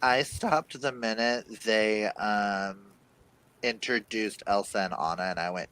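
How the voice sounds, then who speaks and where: A man co-hosting a live chat show in a casual way, laughing loudly in high bursts. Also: slow, smooth, low-quality recording. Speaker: livestream co-host.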